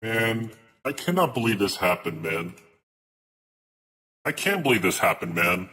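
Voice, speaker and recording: A man's voice: fairly low pitch, big pitch swings, a little slow, long pauses, bright, forceful tone. A man chatting casually on a live stream, ranting in exasperation and swearing as he reads his chat aloud.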